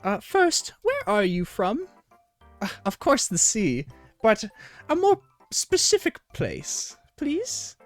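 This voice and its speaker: A woman's voice: fairly high pitch, huge pitch swings, takes it slowly, dry recording, soft background music, pitched above the performer's own voice, exaggerated voice. A woman voicing a fussy, prim woman wagon merchant who haggles with polite, overly careful questions. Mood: eager.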